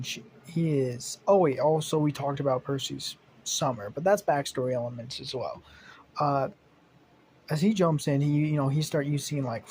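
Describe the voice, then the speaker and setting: A young man with a slightly high voice narrates an improvised fan story. He rambles loosely, fills gaps with ums and likes, and swears casually. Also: a little mellow, a little hiss or hum. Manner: rambling with many fillers and swearing.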